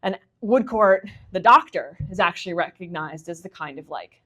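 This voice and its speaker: A woman's voice: fairly low pitch, expressive, moderate pace, fairly bright tone. Chatty woman answering audience questions. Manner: chatty, many fillers and asides, enthusiastic. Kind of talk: conversational lecture Q&A. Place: meeting room with audience.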